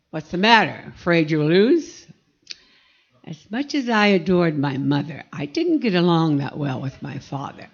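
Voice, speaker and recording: An older woman from Pennsylvania telling a personal story from her life, vivid and animated. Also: low-pitched, husky, lo-fi sound. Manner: vivid, animated recollection with acted-out quotes.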